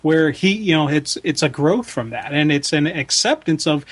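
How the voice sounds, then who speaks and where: A man's voice: a little high, lively intonation, moderate pace. A man co-hosting a fan podcast in casual chat, enthusiastic and acting out little quotes. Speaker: podcast co-host.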